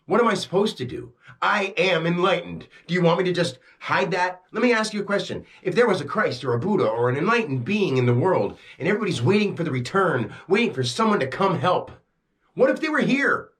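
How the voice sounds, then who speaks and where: The voice is a man's: high-pitched, expressive, brisk, and a bit bright. Posing as a self-styled spiritual teacher, he delivers a preachy, frustrated monologue straight to camera, cursing freely.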